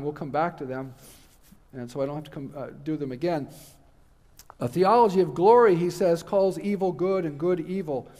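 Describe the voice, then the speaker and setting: A middle-aged man delivers a conference lecture, earnest and emphatic with the odd wry aside. His voice sits a little high, and his words ring out through the long reverb of a church hall. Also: warm tone.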